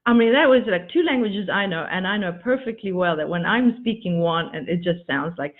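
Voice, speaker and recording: A woman giving a motivational teaching talk as a coach, with expressive emphasis and repeated words for effect. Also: lowish voice, brisk, few pauses. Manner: addresses listeners as darlings. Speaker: spiritual coach. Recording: tinny phone-like audio.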